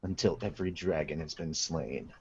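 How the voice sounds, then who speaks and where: A cold ancient dragon who speaks low and quiet, full of contempt, as a man puts on the voice for a fan read-along. The voice is husky, and the audio is dull and lo-fi. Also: moderate pace, exaggerated voice. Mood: menacing. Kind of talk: amateur manga read-along dub.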